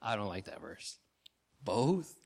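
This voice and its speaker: A missionary pastor preaching a sermon, telling stories with emotion, swinging from loud outbursts to hushed low tones. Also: male voice, sing-song, takes it slowly, gravelly.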